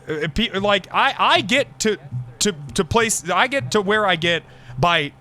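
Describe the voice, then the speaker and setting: Man, streamer, in-character roleplay, excitable, swearing, lively swooping pitch. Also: unhurried. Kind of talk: casual in-character roleplay chat.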